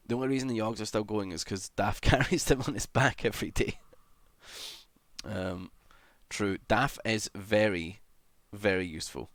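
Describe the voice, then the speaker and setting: On a livestream, a young man chats casually in a lowish, fairly bright voice with no echo. His talk wanders and is self-deprecating, full of swearing, with idle humming filling the gaps.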